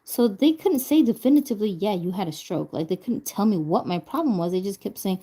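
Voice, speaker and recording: A woman's voice: mid-range voice, lively intonation, fairly quick, few pauses, dark tone, husky. A woman vlogger chatting casually as she crafts, laughing often and talking to herself while she recovers from a stroke. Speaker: doll vlogger.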